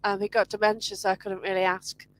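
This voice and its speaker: A woman's voice: medium pitch, little pitch movement, fast, dry recording, low-quality recording. A woman hosting an online interview, chatting casually, with hesitant restarts and personal asides. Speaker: host.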